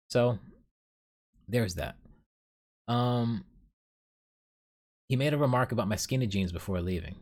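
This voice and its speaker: A man's voice: lowish voice, moderate pace, long pauses, a little mellow. Rambling self-deprecating male podcaster. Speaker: podcast host. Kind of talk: casual solo storytelling.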